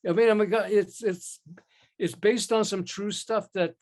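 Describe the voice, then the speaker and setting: Older actor telling rambling stories. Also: male voice, high-pitched, moderate pace. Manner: rambling, animated, with many restarts and acted-out quotes. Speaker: actor, interview guest. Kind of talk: casual interview storytelling.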